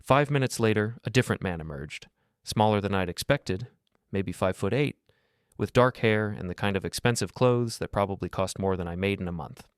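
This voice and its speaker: A man narrating a scripted first-person story in a steady, gruff, matter-of-fact way. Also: on the low side, a little fast, no echo, clean studio sound.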